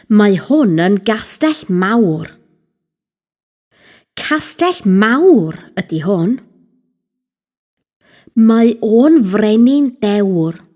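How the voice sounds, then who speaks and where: Woman tutor, mellow higher voice, deliberate scripted lesson delivery. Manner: slow, deliberate, spelling out vocabulary. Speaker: Welsh language teacher. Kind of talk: scripted instructional narration.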